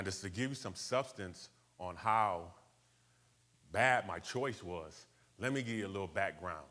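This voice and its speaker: A man from Buffalo, USA, speaks to a live audience as a motivational speaker. His voice sits on the low side, and he talks conversationally, checks in with the room and uses street slang. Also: bright, forceful tone. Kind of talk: personal story told to a live audience.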